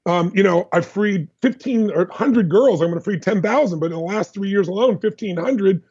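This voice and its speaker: A man as a podcast guest, telling personal stories in an animated, emphatic, fast-flowing way. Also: high voice, breathy edge, lo-fi sound. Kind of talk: energetic personal storytelling.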